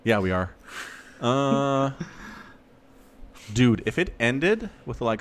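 A man co-hosting a podcast, in casual, animated chat with sarcastic asides. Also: mid-range voice, takes it slowly, pauses often. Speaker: podcast co-host.

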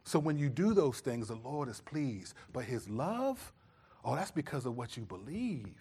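A middle-aged pastor preaches at a measured pace in a medium-pitched, slightly rough voice. Telling stories with animation, he performs his own scolding voice as a dad.

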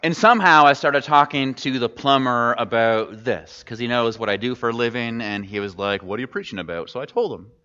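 A man's voice: mid-range voice, moderate pace, few pauses, pushed and bright, clear, resonant tone. Man preaching in a reverberant hall. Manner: conversational, asks the congregation questions. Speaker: pastor. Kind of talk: sermon. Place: church sanctuary. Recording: dull sound in a large reverberant hall.

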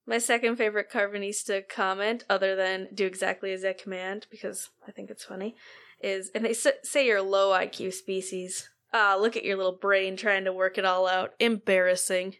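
A woman's voice: medium pitch, little pitch movement, brisk, a bit bright. A woman with a mid-range voice chats on a casual podcast, enthusiastic and giggling often. She sounds eager and playful in her delivery. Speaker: podcast co-host.

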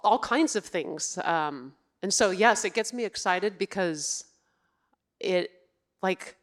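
A woman who serves in family ministry and raises two kids, sharing her faith story in an earnest, reflective way during a church interview. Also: fairly low pitch. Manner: earnest, reflective, with soft laughs.

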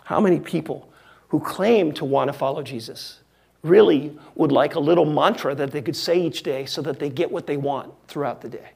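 A male pastor preaching a sermon in a wry, conversational way with emphatic pauses. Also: a little high, vocal fry, a little mellow, slightly rough.

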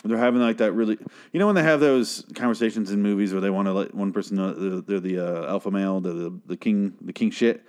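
Guy with a lowish voice rambling through a show recap, swears a lot, keeps cutting himself off and laughing. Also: quick pace, darkish tone, clean tone. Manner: profane, self-interrupting, laughs often.

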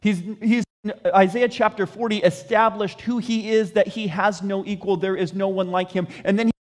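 A man's voice: high-pitched, fairly even intonation, moderate pace. A man preaching a sermon on scripture in an emphatic, questioning way.

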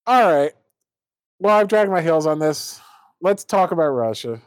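A man's voice: fairly high pitch, animated, unhurried, smooth, dry recording. A man hosting a casual political podcast, reading articles aloud and mocking them with sardonic asides. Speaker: podcast host.

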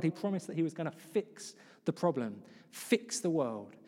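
A man's voice: on the high side, very animated, normal speed, warm tone, breathy edge. Preacher, man, chatty sermon with acted-out quotes, long church echo. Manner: conversational, acts out quoted voices. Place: church hall.

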